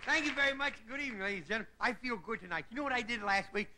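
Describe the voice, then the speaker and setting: A comedy host with a fairly high voice delivers a stand-up monologue from a TV studio stage, chuckling at his own jokes. Loud audience laughter fills the noisy 1960s broadcast audio. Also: expressive, very fast, over a noisy crowd.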